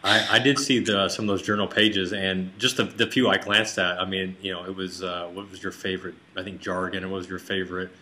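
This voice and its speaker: A man hosting an interview over a call, relaxed and conversational. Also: sits low, fairly quick, few pauses, a little hiss or hum. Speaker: host.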